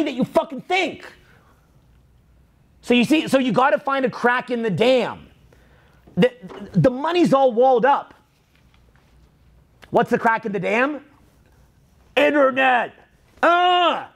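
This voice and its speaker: A middle-aged man, a social skills coach, ranting with heavy swearing and bursts of shouted quotes. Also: very high-pitched, lively intonation, moderate pace, long pauses. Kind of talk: profane motivational rant.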